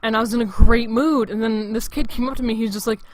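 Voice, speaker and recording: A man's voice: extremely high pitch, fairly even intonation, fast talker. A young man in his late teens, hosting his own show in a rambling, profane casual monologue full of restarts. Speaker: show host.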